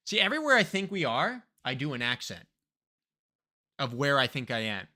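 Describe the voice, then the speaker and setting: A man's voice: on the high side, very animated, moderate pace, pushed and bright. A male streamer casually commenting on a game live, swearing and thinking aloud.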